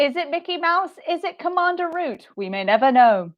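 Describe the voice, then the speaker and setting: A woman's voice: high-pitched, big pitch swings, normal speed, muffled recording. A young woman writing an audio drama podcast, chatting casually through audience questions on a livestream with a giggly, self-deprecating manner.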